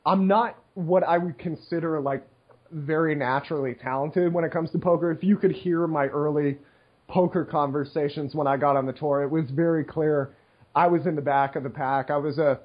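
A man's voice: fairly high pitch, fairly even intonation, moderate pace, husky, muffled recording. A young man co-hosting a podcast in casual chat, rambling with many fillers and laughing often at himself. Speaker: podcast co-host, professional poker player.

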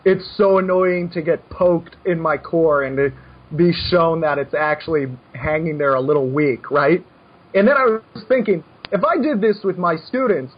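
Brash, husky-voiced poker coach. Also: male voice, a little high, muffled recording. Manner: brash, animated, self-mocking rants. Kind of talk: casual podcast chat.

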